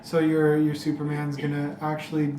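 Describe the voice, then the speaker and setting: A woman's voice: low voice, completely flat delivery, normal speed, dark tone. A woman co-hosting a podcast in casual chat, teasing and joking with her friend. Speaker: podcast co-host. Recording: echoey room with faint background hum.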